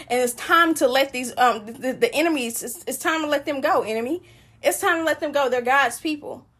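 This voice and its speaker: A woman's voice: high voice, sharp tone. A woman talking casually and joyfully about her faith, preaching, laughing often and rambling. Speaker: Christian woman sharing testimony.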